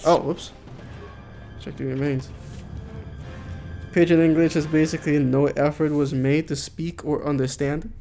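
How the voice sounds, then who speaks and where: A man's voice: a little high, fairly even intonation, a little slow, vocal fry, long pauses, warm tone, faint music behind. A man streaming a game, chatting casually with viewers, joking and swearing freely.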